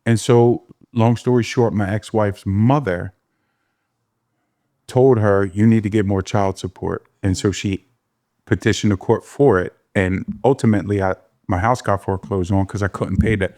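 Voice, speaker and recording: A man's voice: fairly low pitch, steady tone, normal speed, darkish tone. A man being interviewed as a guest, telling his life story in a candid, emphatic way. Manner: candid, emphatic, gets emotional. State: emotional, near tears.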